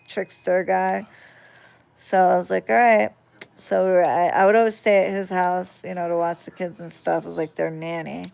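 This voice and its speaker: A woman casually telling a story on a phone vlog, swearing freely and getting animated as she retells it. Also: on the low side, vocal fry. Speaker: vlogger.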